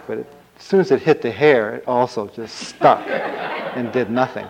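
A male meditation teacher telling a folk tale in a dharma talk, animated and full of vocal sound effects. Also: mid-range voice, normal speed, creaky, crowd noise, poor audio.

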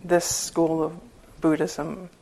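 Low, gravelly-voiced woman teaching meditation. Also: level tone, takes it slowly, dark tone, low-quality recording. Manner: conversational and humorous, laughing often. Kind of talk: informal dharma talk.

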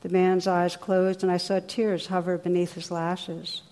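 Gentle woman teacher in an echoing hall. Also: lowish voice, little pitch movement. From New Jersey, US. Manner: gentle, unhurried storytelling with soft pauses. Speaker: meditation teacher. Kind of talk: dharma talk, storytelling. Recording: long reverb of a hall.

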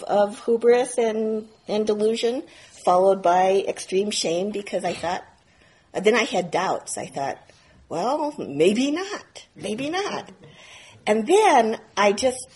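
A woman meditation teacher telling a story in a dharma talk, animated and self-mocking, often laughing as she talks. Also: medium pitch, slow pace, breathy edge, rough recording. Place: retreat center meditation hall.

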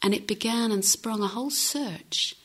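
A middle-aged woman who teaches meditation gives a gentle, reflective dharma talk, leaving unhurried pauses. Her voice is fairly high-pitched.

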